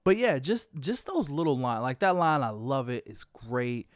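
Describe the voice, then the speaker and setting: A man co-hosting a casual movie chat, retelling scenes with excitement and quoting characters. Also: mid-range voice, moderate pace, no room sound, clean studio sound. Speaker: podcast co-host.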